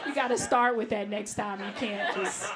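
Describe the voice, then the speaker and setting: A woman doing a brash, animated stand-up set in a live club, laughing at her own jokes. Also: medium pitch, normal speed, a loud crowd. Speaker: stand-up comedian. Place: live comedy club, New York. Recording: loud noise on a live club recording.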